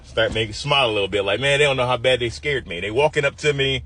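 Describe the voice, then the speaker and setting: A man's voice: mid-range voice, fast, bright, forceful tone. A man in his fifties from the US Midwest, telling a personal story vividly and acting out the quoted voices.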